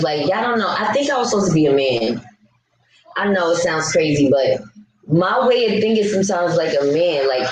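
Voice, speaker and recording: A woman's voice: deep voice, a little mellow. Ranting New woman talking to her chat. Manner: blunt, ranting, talks back to chat. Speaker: vlogger. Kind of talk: casual live-stream chat with viewers. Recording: echoey room with faint background hum.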